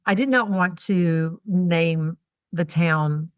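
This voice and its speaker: Woman author, low and dull. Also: slow pace, clean tone, dry recording. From Georgia, USA. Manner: warm storytelling, homespun phrases. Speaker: author guest. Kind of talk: casual interview chat.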